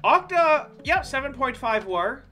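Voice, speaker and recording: A game streamer chatting casually through a sports sim, voice bright and animated, leaping up in pitch. They swear freely and flare into loud, exasperated complaints, with faint music underneath. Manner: profane, quick to loud exasperated outbursts. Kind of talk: casual gameplay commentary.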